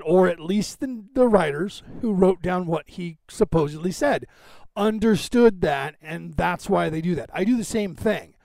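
A man's voice: high-pitched, gravelly, a little mellow, no room sound. A man hosting a podcast, talking in a digressive, self-assured casual monologue full of asides and tangents. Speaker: podcast host.

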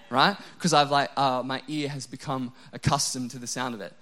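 A man's voice: mid-range voice, steady tone, moderate pace, hardly any pauses, pushed and bright. A young adult man preaching a casual sermon, mixing self-mocking jokes and lots of "like" fillers into his message. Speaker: pastor.

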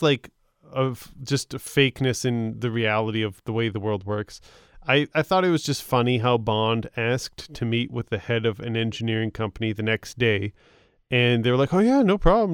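A man's voice: medium pitch, clear, resonant tone, no room sound, clean studio sound. A man co-hosting a casual film review podcast, easygoing and chatty. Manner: easygoing, quick to agree and laugh along. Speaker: podcast co-host.

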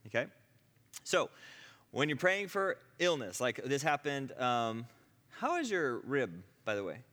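Lively man teaching healing prayer. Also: mid-range voice, measured pace, long reverb tail. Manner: conversational, many asides and checks like "okay?". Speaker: ministry teacher.

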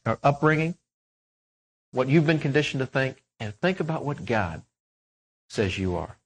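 A man preaching a sermon, swinging from loud emphatic peaks to soft, hushed lines. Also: mid-range voice, rough recording. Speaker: pastor.

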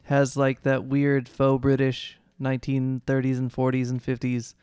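Smooth-voiced man in animated podcast chat. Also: mid-range voice, moderate pace, no echo, clean studio sound. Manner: animated, fond of mimicking voices. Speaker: podcast co-host. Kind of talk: casual chat.

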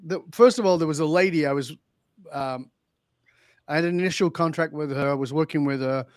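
A man who is a leadership consultant, telling client stories on a podcast and acting out the dialogue with lively emphasis. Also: fairly high pitch, brisk, dry recording, studio quality. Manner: animated, acts out quoted dialogue. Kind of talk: podcast interview storytelling.

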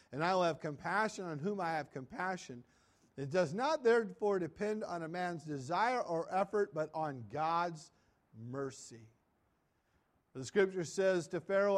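High-voiced man preaching conversationally. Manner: conversational preaching, asks and answers himself; trails off quietly at phrase ends, with restarts. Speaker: pastor. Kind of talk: sermon.

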